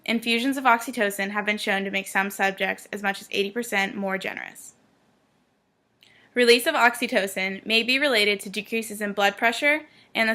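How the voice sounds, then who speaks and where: A young woman plays a news anchor and reads from a script. Her voice is bright and forward, and her delivery is crisp and formal. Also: mid-range voice.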